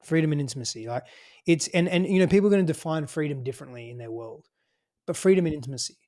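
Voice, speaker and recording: A man with an Australian accent, speaking in a slightly higher register than most men. He talks as a podcast guest, casual and emphatic, swearing freely and peppering his points with "you know" and "right?". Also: animated, quick pace, mellow. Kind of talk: casual conversational advice.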